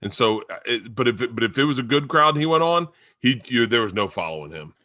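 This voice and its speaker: A comedian recalling past gigs in a loose, profane podcast chat. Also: male voice, mid-range voice, lively intonation, fast, sharp tone, dry recording, studio quality.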